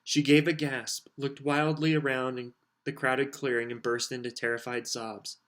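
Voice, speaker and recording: Guy reading a chapter aloud, steady and expressive, middle pitch. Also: moderate pace. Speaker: audiobook reader. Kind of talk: audiobook narration.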